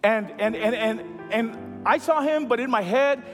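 A male pastor preaching a sermon as a lively storyteller. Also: very high voice, in a large hall, faint music behind. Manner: animated storyteller who builds to a hushed, slow close.

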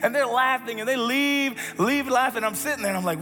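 A man giving a storytelling sermon as a pastor, animated, acting out voices and sinking to a soft hush. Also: very high-pitched, a little fast. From grew up as an immigrant. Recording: reverberant hall with faint music.

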